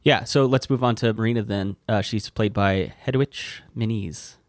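A man's voice: on the low side, dry recording, clean studio sound. An American man co-hosting a podcast, chatting easily about a film and agreeing readily. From United States. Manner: agreeable, quick to laugh along. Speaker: podcast co-host. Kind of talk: casual film discussion.

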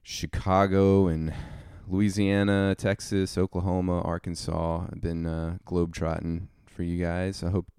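Deep-voiced man hosting a podcast. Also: monotone, a little slow, few pauses, darkish tone, smooth, dry recording, clean studio sound. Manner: easygoing, rambling with many fillers. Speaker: podcast host. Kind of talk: casual podcast chat.

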